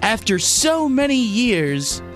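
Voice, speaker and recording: A man reading a mock-dramatic documentary intro in a slow, portentous voice. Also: very high-pitched, very animated, a bit bright, soft background music, full character voice. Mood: mock-solemn. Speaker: intern reading a parody sports documentary intro.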